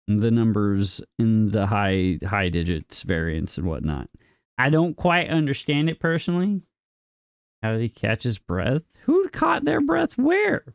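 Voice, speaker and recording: A young male livestreamer with a fairly high, gravelly voice is recorded dry and studio-clean. He plays a game while reading and replying to chat, teasing viewers in mock-indignant fun, with his voice jumping up on questions.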